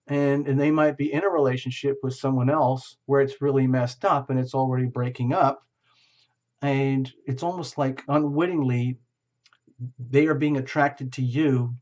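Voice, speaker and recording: A man at an ordinary middle pitch talks through a tarot reading in a gentle, reassuring way. He muses and circles back on his words, with plenty of fillers. The audio is a little dull and lo-fi. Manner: musing, repeats words, frequent fillers. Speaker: tarot reader. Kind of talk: casual tarot reading monologue.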